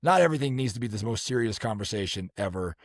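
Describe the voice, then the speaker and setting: A man's voice: on the low side, expressive, fast talker, dry recording, clean studio sound. A man co-hosting a podcast in casual chat, joking and rambling with frequent restarts. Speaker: podcast co-host.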